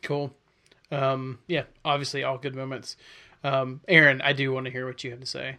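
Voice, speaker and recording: A man's voice: medium pitch, monotone, moderate pace, pushed and bright. A man hosting a casual chat podcast, talking in a rambling, hesitant way with lots of fillers. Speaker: podcast host.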